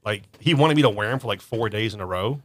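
A man's voice: on the low side, fast, no room sound, studio quality. A man who is a guest on a radio show, telling stories in casual banter and laughing often. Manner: animated storyteller, laughs often.

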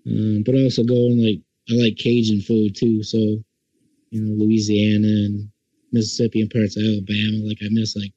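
A man's voice: on the low side, monotone, moderate pace, warm tone, no room sound, dull audio. A man chatting casually as a podcast guest, easygoing and enthusiastic, saying "like" a lot. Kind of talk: casual chat.

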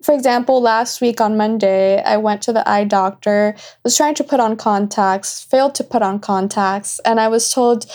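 A woman in her twenties co-hosting a casual podcast, telling a story with giggly, quick asides. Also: mid-range voice, darkish tone. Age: 20s. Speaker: podcast co-host.

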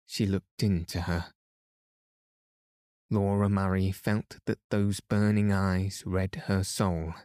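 Man, bedtime story narrator, soft-spoken, slow, low voice. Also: no echo, clean studio sound. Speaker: podcast narrator.

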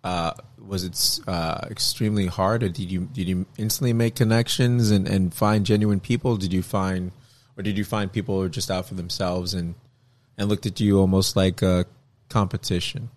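A man's voice: low voice, fairly even intonation, moderate pace. A man hosting a casual interview, asking long rambling questions full of fillers. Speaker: interview host.

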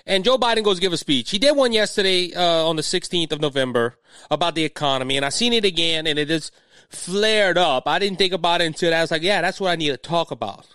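A middle-aged man from Louisiana with a Cajun accent hosts his own podcast. His voice sits high for a man, and he rambles and stumbles over his words as he gets worked up. The sound is dry and close, with no room around it. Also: fast, bright, forceful tone, smooth, dry recording. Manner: agitated, rambling, repeats words. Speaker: podcast host. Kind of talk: political podcast commentary.

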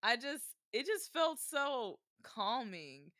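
A woman's voice: a little high, very animated, takes it slowly, pushed and bright, dry recording, studio quality. A woman co-hosting a casual chat, telling a story with lots of "like" and loose, chatty phrasing. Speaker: podcast co-host, bride.

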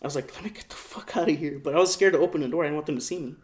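A young man with a slightly high voice tells a story on a podcast in loose, slangy talk. He swears freely and acts out the voices of everyone in it. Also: very fast. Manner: slangy, profane, animated retelling with voiced quotes. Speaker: podcast co-host. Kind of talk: casual storytelling.

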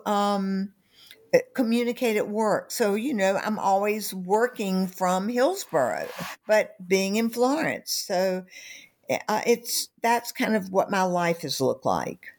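A middle-aged woman, an author and company founder, speaking unhurriedly in an interview with many fillers and restarts. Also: medium pitch. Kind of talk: podcast interview.

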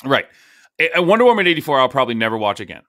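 A man co-hosting a podcast, giving blunt, dry verdicts in a relaxed chat. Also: mid-range voice, very fast, no echo. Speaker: podcast co-host. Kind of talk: casual chat.

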